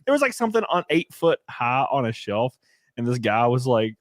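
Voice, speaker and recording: A man talking as a guest in a casual livestream chat, relaxed and joking. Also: medium pitch, moderate pace, no room sound, studio quality.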